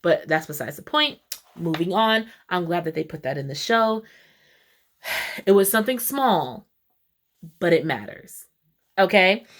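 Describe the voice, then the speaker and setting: A woman casually recapping a TV episode, acting out the characters' lines with quick shifts in voice. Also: on the low side. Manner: animated, switching voices for quoted characters. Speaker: TV recap vlogger.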